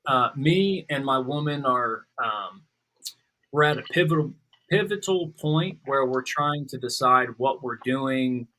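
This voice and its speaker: A man as a guest in a casual conversation, speaking hesitantly with many pauses and ums. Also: medium pitch, pushed and bright, poor audio.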